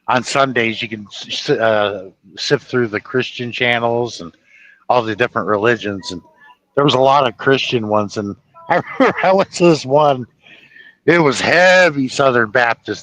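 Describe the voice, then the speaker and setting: A man hosting a livestream, telling a funny story in a loose, chatty way. His voice is bright and forceful, and it sounds dry and close to the mic. He laughs as he talks and drops into quick impressions. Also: mid-range voice, no room sound, rough recording. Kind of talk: casual chat, retelling movie scenes.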